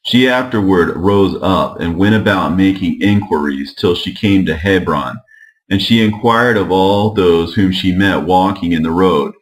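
A man narrating an old religious text in a measured, steady reading. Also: deep voice, low-quality recording. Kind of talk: scripture reading.

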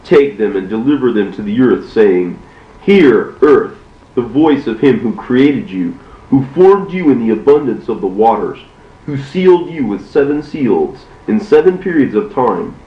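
A man's voice: mid-range voice, sing-song, measured pace. Solemn commanding God voice, a man reading it out, roomy distant room sound. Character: the Lord, commanding male divine voice. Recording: distant, roomy, dull recording.

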